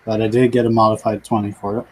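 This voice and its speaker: A man playing in a tabletop game, relaxed and joking. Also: fairly low pitch, fast talker, slightly rough, poor audio. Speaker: player. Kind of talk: casual tabletop play.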